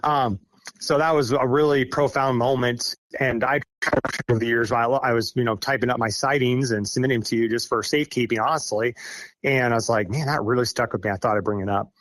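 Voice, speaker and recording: A young forestry contractor from Iowa, guesting on a podcast, tells stories in a casual interview. His mid-range voice is steady and a bit bright, and he speaks haltingly and ramblingly, often restarting and chuckling.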